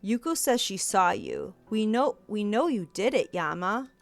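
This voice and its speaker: A woman voicing a stern, pompous male schoolteacher who scolds in a prim, formal way over soft game music. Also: mid-range voice, very animated, measured pace, gravelly. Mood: scolding.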